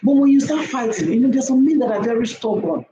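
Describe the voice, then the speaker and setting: A woman's voice: a little high, expressive, fast talker, highs cut off. A woman giving preachy relationship advice to women, emphatic and repetitive, often checking in with her listeners. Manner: emphatic, repeats herself, keeps checking in with "okay?". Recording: echoey room with faint noise.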